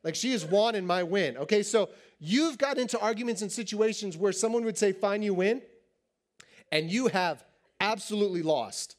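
A man in his thirties preaching to teens in a joking, animated way, acting out little scenes. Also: sits high, moderate pace. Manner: animated, joking, acts out quotes. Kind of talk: sermon to teens.

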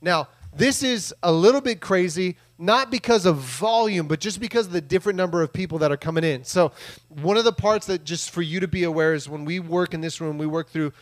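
A man preaching a loose, playful sermon in a church room. His voice sits a little high for a man, and he keeps slipping into quick impressions of the people in the story. The delivery is chatty and full of asides. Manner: jokey, animated, acts out quoted voices. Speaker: pastor. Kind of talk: casual sermon.

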